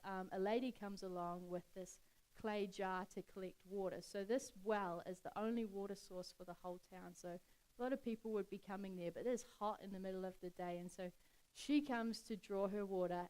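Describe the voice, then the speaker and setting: A young adult woman speaking at a church, retelling a Bible story in a chatty, relaxed way with casual slang. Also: mid-range voice, rough recording.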